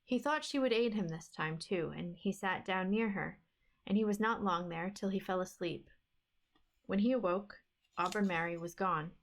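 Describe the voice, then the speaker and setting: A woman reads an old fairy tale aloud in a steady, even storytelling voice. Her pitch sits in a middle range for a woman. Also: moderate pace. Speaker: book club streamer.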